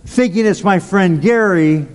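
A man's voice: high voice, a little slow, darkish tone, clean tone, faint music behind. A male pastor preaching a sermon, telling a personal story in a chatty way with asides like "okay?" and "right?". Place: large church hall. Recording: long hall reverb.

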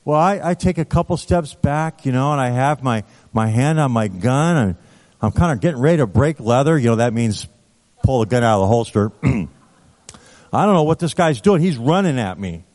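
A man's voice: mid-range voice, moderate pace. Male preacher telling a story in a hall. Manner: conversational, animated storytelling with asides to the audience. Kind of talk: sermon storytelling. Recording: reverberant hall.

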